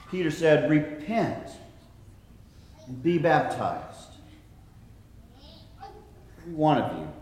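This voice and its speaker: A man preaching a sermon in a slow, earnest way, dropping to a soft hush when he quotes scripture. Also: mid-range voice. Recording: echoey hall, from a distance.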